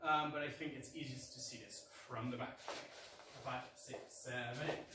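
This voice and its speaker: A man's voice: mid-range voice, fairly even intonation, moderate pace. Man counting dance beats in an echoey room. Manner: counts beats aloud and scats rhythms. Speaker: dance teacher. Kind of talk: counting and explaining dance steps. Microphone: far camera mic. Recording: echoey room, far mic, loud noise.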